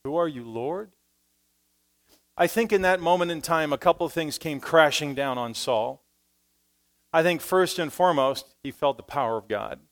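A man preaching a sermon in church, swinging between quiet, low asides and loud, emphatic passages, speaking into a stage microphone. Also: normal speed. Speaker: pastor.

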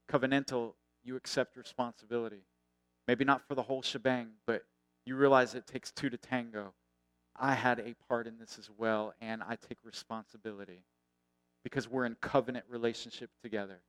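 Smooth-voiced male preacher, dry sound. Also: medium pitch, steady tone, brisk, no echo, soft background music. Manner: earnest preaching that swells and then drops to a hush. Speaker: pastor. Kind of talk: sermon.

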